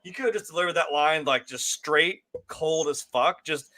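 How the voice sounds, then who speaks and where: A man's voice: on the high side, normal speed, pushed and bright. A man co-hosting a casual movie review chat, emphatic and profane, acting out the quotes he discusses. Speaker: podcast co-host.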